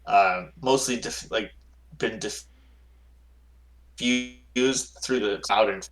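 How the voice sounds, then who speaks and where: A man narrating a tabletop game as game master, halting with many fillers. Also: on the low side, fairly bright tone, poor audio.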